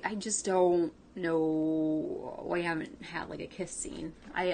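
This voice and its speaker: A woman's voice: lowish voice, slight background noise. A woman co-hosting a casual comic book podcast, talking in hesitant, rambling stretches. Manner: rambling, hesitant, restarts often. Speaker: podcast co-host. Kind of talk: casual chat about comics.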